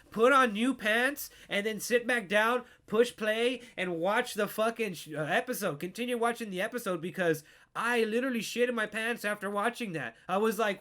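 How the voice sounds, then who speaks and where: A man hosting a podcast, recapping a TV show in an excitable, swearing, filler-heavy way. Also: high-pitched. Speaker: podcast host. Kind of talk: casual pop culture recap.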